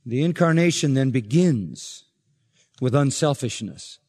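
A man preaching an expository sermon as pastor, emphatic and building to forceful points. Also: medium pitch, lively intonation, unhurried. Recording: long reverb of a large hall.

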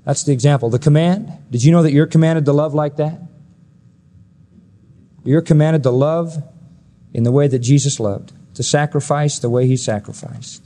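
Male preacher, sermon delivery, emphatic, rhetorical questions, big pitch swings. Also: normal speed, mellow. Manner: emphatic, asks the audience rhetorical questions, swings between high and low pitch.

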